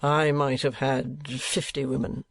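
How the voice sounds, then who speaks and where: A man voicing a pompous, penny-pinching older male rate collector, slow and fussy in his talk. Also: medium pitch, little pitch movement, vocal fry, dry recording.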